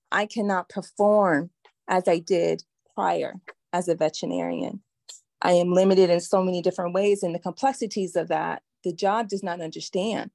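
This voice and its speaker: A woman's voice: fairly low pitch, darkish tone, no echo. Earnest woman in her forties, dry sound. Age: 40s. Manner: earnest, heartfelt, halting. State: getting emotional. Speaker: participant sharing her experience. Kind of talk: emotional personal testimony.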